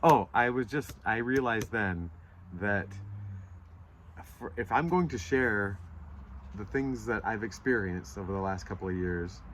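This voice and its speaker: A man's voice: on the low side, a little slow, a bit bright, slight background noise. A man giving a casual, rambling spiritual tarot reading outdoors, earnest and emotional, his nose stuffy from holding back tears. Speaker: tarot reader. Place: outdoors in nature. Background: birds and passing vehicles.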